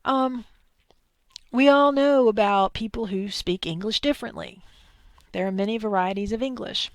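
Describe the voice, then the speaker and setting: A woman's voice: on the high side, normal speed, dry recording. A woman from Arkansas with a thick Southern accent, giving a chatty, digressive lecture with asides. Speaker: instructor. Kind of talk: recorded lecture.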